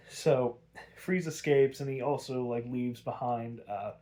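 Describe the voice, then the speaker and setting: A man's voice: mid-range voice, unhurried, warm tone. A man hosting a podcast, casually recapping an episode in a rambling way with lots of fillers and easy swearing. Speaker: podcast host.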